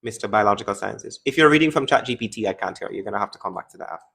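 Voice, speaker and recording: A man's voice: on the low side, lively intonation, very fast, vocal fry, fairly bright tone, slightly rough. A man hosting a live-stream debate, taunting and interrupting callers in a combative way.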